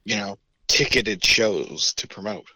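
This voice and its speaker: A man's voice: fairly low pitch, expressive, measured pace, sharp tone, no room sound, poor audio. Easygoing man in a dry recording. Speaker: comedian and podcast co-host. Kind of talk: casual chat.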